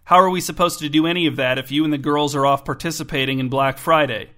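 A man's voice: fairly high pitch, fairly even intonation, fast talker, bright, forceful tone. A man voicing an irritable mother who speaks in a dry, sardonic way. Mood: grumpy, sardonic. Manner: dry, grumpy.

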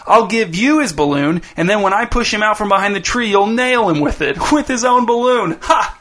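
A cocky young boy bully jeers in a high, bright voice, gleeful and sharp-edged. He shouts his taunts and crows over every small win, voiced by a male storyteller. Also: lively intonation, moderate pace, a little hiss or hum. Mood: taunting.

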